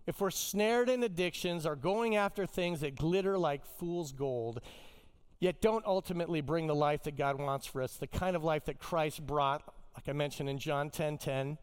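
A man preaching a sermon as pastor, telling stories with wide swings in pitch and loudness. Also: moderate pace, smooth.

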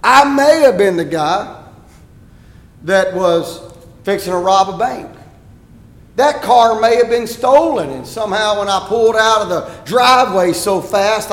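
A pastor telling a story in his sermon, animated and rising to shouts at times. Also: high-pitched. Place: church sanctuary. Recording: echoey church hall.

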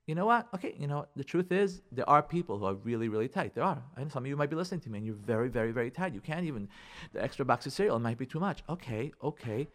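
A rabbi talking on a radio show, giving emphatic marriage advice and acting out what spouses say to each other. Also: male voice, mid-range voice, lively intonation, very fast, a bit bright. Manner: emphatic, acts out spouses' lines, uses Hebrew and Yiddish words.

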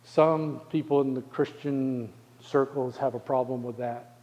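A man preaching from the pulpit at an ordinary mid pitch, his voice trailing off into the long echo of a church hall. He keeps throwing rhetorical questions to the congregation. He slows right down to press his key lines home. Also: steady tone, warm tone. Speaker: pastor. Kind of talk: sermon.

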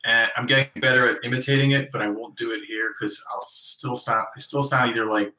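A man's voice: medium pitch, fairly even intonation, brisk, sharp tone, echoey room, rough recording. A middle-aged American man from the Northeast, an interview guest talking over a remote call in a chatty, self-deprecating way with many restarts. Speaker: guest author. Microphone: remote call from abroad.

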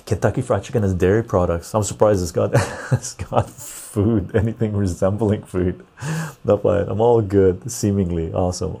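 His deep voice gravelly, husky and mellow, a middle-aged man from the West Coast of Canada runs a casual livestream podcast. He reads out viewer chat and responds loosely, filler words cropping up often.

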